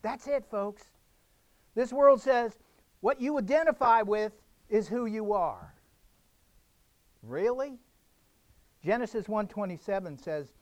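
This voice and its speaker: A man's voice: sits high, lively intonation, takes it slowly, pauses often, dry recording. Emphatic preaching man, dry sound. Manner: emphatic preaching with repeated phrases. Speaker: pastor. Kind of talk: sermon.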